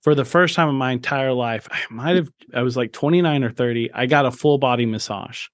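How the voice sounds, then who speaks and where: A man's voice: medium pitch, brisk, dry recording, clean studio sound. A man in his thirties, a podcast host, candidly sharing his own story in an interview, earnest and open with frequent restarts.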